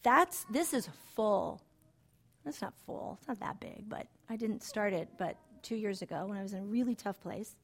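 At a moderate pace, a middle-aged woman leads a conversational Bible study. Her personal stories shift from soft and low to excited and emphatic.

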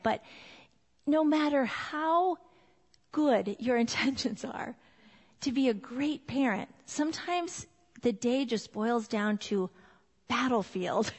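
A woman in her forties giving a church talk on parenting, chatty and full of fillers. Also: fairly high pitch. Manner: warm, chatty, laughs often, many fillers. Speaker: women's ministry speaker. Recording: long hall reverb.

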